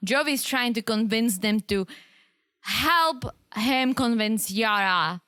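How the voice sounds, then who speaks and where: A woman gives her opinions on reality TV couples in a relaxed, candid way. Her voice sits a little high. The sound is dry and close to the mic. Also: slow pace, clean tone, dry recording. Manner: opinionated, laughs easily. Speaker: podcast co-host. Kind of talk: casual recap chat.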